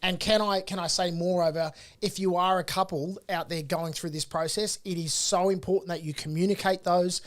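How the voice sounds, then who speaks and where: A man's voice: high-pitched, steady tone, normal speed, few pauses, a bit bright. An Australian man co-hosting a casual property podcast in a studio, earnest and emphatic, often repeating his words as he makes a point. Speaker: property coach and co-host.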